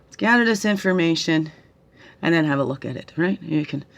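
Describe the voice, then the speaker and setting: A woman's voice: deep voice, expressive, fairly quick, gravelly. A middle-aged woman, tearful, leading a reflective spiritual guidance talk as a tarot reader, coaxing listeners with questions and a constant "right?".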